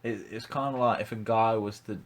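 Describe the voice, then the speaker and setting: A man's voice: on the low side, fairly even intonation, brisk. A young man hosting a casual podcast, blunt and ranting, swearing freely. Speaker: podcast host.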